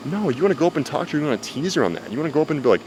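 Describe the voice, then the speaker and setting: A man's voice: fairly high pitch, very animated, very fast, background noise. A man giving blunt, profane dating advice in casual talk to camera, outdoors. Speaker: dating coach. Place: outdoors with cicadas. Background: faint cicadas.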